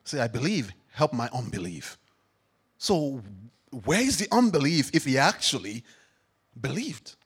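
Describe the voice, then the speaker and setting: A man preaching a sermon as pastor, emphatic, swinging between loud declarations and quiet reflection. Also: medium pitch, very animated, unhurried, pauses often, slightly rough.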